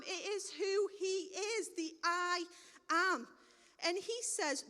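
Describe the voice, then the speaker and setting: A woman's voice: very high voice, measured pace, pushed and bright. A woman preaching a sermon in a conversational, plain-spoken way, recorded in a church hall with long reverb.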